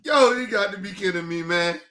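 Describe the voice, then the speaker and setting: High-voiced man cackling through mocking commentary. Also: brisk, pushed and bright. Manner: laughing constantly, profane, mocking; slangy casual speech, addresses viewers as people. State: crying with laughter. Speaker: streamer reacting to news clips. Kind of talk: livestream reaction commentary.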